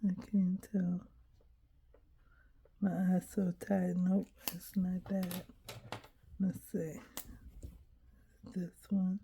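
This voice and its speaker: Woman, dark gravelly voice, casual coloring narration, muttered asides and whispers. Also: fairly low pitch, little pitch movement, slight background noise. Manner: quiet, muttering to herself, drifting into whispers; unhurried and hesitant, thinking aloud. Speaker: coloring video creator.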